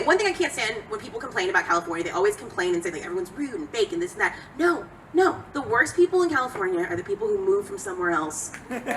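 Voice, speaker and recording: A woman performing a stand-up comedy set, animated, jumping to a high excited pitch on her punchlines. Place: comedy club stage. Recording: live club recording from a distance, loud crowd laughter and noise.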